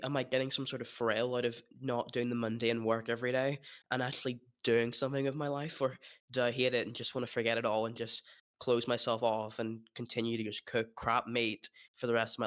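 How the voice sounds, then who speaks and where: A man playing his character in a tabletop role-play, talking haltingly and despairingly, with nervous laughs. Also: medium pitch, fairly bright tone. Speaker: player.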